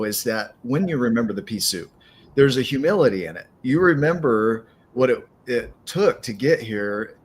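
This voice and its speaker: A man's voice: mid-range voice, slight background noise. A man hosting a podcast who talks in an earnest, encouraging way and keeps circling back to his point. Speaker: podcast host. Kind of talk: casual podcast conversation.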